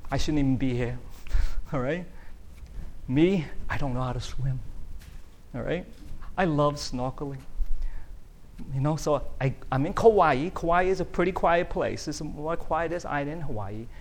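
A middle-aged man, preaching a conversational sermon that keeps checking in with the audience. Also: a little high. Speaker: pastor.

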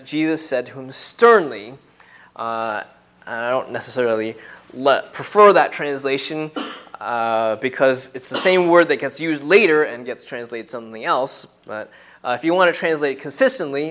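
A man's voice: on the high side, fairly bright tone. A man preaching an earnest sermon, teaching through a Bible passage and repeating key phrases for emphasis.

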